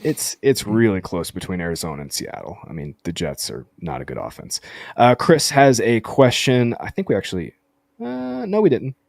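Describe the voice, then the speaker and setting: A man's voice: sits low, very animated, fairly quick, darkish tone, no room sound, studio quality. A man hosting a casual sports podcast, reading out listener questions and answering them playfully. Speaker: podcast host. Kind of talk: casual live Q&A chat.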